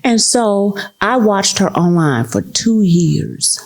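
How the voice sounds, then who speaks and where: An American woman, appearing as a guest, tells a story in casual chat and animatedly acts out the voices of the people in it. Her voice is mid-range and she takes it slowly.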